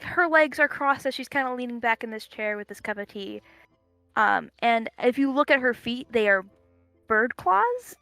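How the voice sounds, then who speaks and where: Casual game master, a woman with a bright, dry voice, rambling through a scene description. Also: on the high side, no echo. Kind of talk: narrating a tabletop game.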